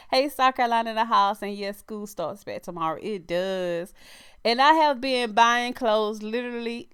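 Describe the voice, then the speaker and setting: A woman's voice: fairly high pitch, smooth. A middle-aged woman with a Louisiana accent, hosting a casual live stream, chatting with viewers, laughing often and calling them y'all. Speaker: livestream host.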